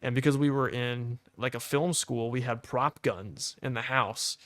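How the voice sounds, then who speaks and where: A man's voice: medium pitch, unhurried, no room sound. A young man hosting a podcast, telling a casual story with lots of "like" and acting out the voices of the people in it. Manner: animated storyteller, heavy use of "like", acts out quoted voices. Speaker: podcast co-host.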